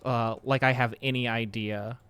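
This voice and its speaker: A man's voice: medium pitch, little pitch movement, moderate pace, a bit bright, smooth, no echo. A man hosting a casual live stream, rambling with lots of fillers and joking about how words get pronounced. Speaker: podcast host streaming.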